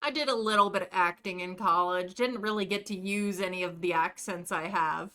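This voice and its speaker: A woman's voice: on the low side, steady tone, brisk, sharp tone. A woman streaming a life-simulation game live, chatting casually and talking to the characters on screen. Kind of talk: casual live-stream chat while playing.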